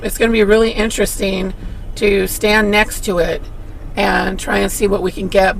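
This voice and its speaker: Woman co-host, measured explainer with vocal fry, casual podcast talk. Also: mid-range voice, a bit bright, slight background noise, rough recording. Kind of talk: casual paranormal podcast chat.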